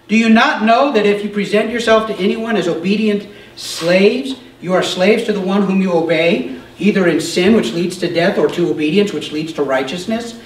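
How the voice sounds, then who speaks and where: Pastor preaching from a distance in a roomy church. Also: male voice, high voice, moderate pace, hardly any pauses, slight background noise. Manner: explains scripture conversationally with frequent "okay?"; shouts emphatic points. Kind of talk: sermon. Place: church sanctuary.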